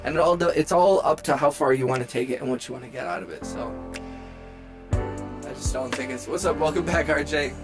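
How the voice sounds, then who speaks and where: Late at night in his home studio, a music producer hosts a casual livestream, rambling and joking as he reads chat aloud with music behind him. His mid-range voice runs a little fast through a studio microphone.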